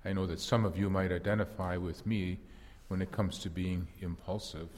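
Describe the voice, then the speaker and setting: A man's voice: sits low, fairly even intonation, normal speed, a little mellow, big-room sound. A man playing an impulsive apostle fisherman in a first-person dramatic monologue, telling his story earnestly and reflectively with wry self-deprecation.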